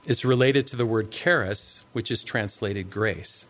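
A man's voice: on the low side, measured pace, fairly bright tone. A man preaching a verse-by-verse sermon as a pastor, conversational and explanatory, often tossing in tag questions to his listeners. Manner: explanatory, teaching pace. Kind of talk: expository sermon.

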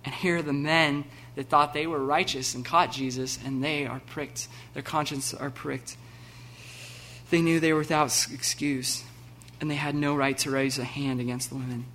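A man preaching a sermon, animated and laughing, acting out the scenes with sudden loud bursts. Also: fairly high pitch, normal speed, slight background noise. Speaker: pastor.

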